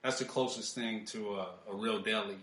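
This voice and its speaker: A man's voice: on the low side, steady tone, moderate pace, a bit bright. A man co-hosting a podcast in casual chat, emphatic and repeating his points. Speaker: podcast co-host. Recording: roomy echo.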